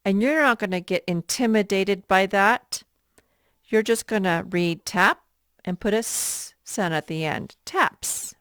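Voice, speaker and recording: A woman teacher leading an early reading lesson for young children, patient and repeating words slowly. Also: medium pitch, fairly bright tone, dry recording, studio quality.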